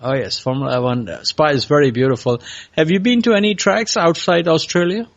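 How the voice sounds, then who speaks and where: A man hosting a podcast, interviewing a guest in a halting way with many pauses. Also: fairly high pitch, creaky, highs cut off. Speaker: podcast host. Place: California.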